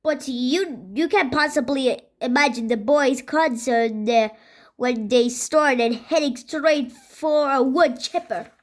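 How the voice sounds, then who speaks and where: A woman reads a children's book aloud in a high voice, going slowly. She stumbles and restarts words now and then. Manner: halting, with slips and restarts. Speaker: reader.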